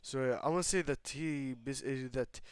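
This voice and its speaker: A young man tells a fan-made story in relaxed chat, losing his thread and starting over often. His voice sits at an ordinary pitch, and the sound is dry and close. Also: normal speed, clean tone, dry recording. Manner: rambling, lots of fillers and restarts, acts out lines.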